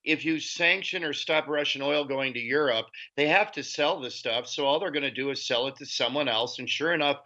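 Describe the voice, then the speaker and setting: Brief: male political guest, sharp-toned and scornful, heard over a dull remote line. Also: mid-range voice, fairly quick, few pauses. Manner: forceful, scornful delivery. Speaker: guest author. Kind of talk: political commentary interview. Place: lives in Europe.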